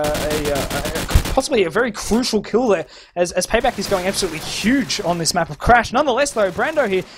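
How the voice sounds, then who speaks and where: A man doing live play-by-play commentary on a competitive shooter match, excitable and stumbling over repeated words. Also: high voice. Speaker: esports shoutcaster. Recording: noisy game audio underneath.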